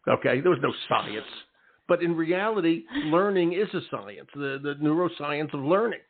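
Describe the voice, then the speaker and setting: A man's voice: fairly high pitch, animated, normal speed, slight background noise. Emphatic male radio host, phone-like sound. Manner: emphatic, peppers talk with "okay?" and "all right". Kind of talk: casual interview talk. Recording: tinny phone-like line.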